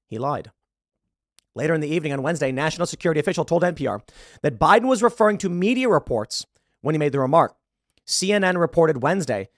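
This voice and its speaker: A man's voice: a little high, dry recording, clean studio sound. A man hosting a political commentary show, talking bluntly and heatedly, swearing and restarting sentences. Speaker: show host.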